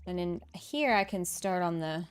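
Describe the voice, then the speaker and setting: Chatty woman streamer, soft game music. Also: lowish voice, expressive, normal speed, clear, resonant tone. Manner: chatty, self-deprecating, laughs often, reads and answers chat aloud. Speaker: streamer playing a farming game. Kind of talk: casual livestream chat while building.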